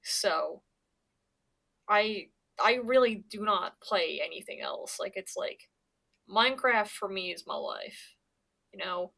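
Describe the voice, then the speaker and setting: A woman's voice: mid-range voice, expressive, slow, gravelly, sharp tone. A young woman from Pennsylvania chatting casually on her stream, rambling and swearing, with lots of stammered restarts. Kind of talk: casual chat.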